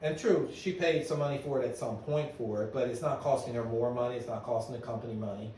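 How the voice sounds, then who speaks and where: A middle-aged man speaks to a meeting audience as a lively storyteller who keeps checking in with the room. His voice booms around a very echoey hall, picked up from a distance. A faint room hum sits underneath. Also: quick pace. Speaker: business owner giving a presentation. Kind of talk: conference talk to an audience.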